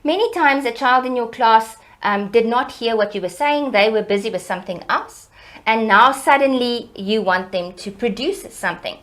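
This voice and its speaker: A middle-aged woman educator, explaining child development in a lively, teacherly way in an interview. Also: normal speed. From South Africa. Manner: animated, teacherly, varies pitch and loudness for emphasis.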